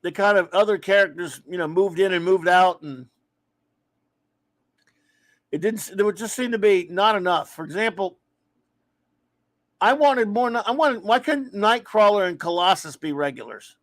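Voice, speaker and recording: High-voiced chatty man, dry close sound. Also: expressive, normal speed, long pauses, dry recording. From Louisiana. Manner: rambling, opinionated, friendly with viewers. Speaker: livestream comics talk host. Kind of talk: casual live-stream chat reading viewer comments.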